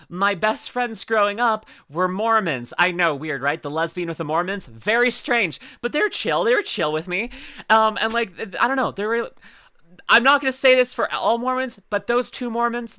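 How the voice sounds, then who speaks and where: A woman's voice: medium pitch, lively intonation, normal speed, bright, forceful tone. A woman streaming reaction commentary in a casual, giggly, rambling way, full of restarts and asides.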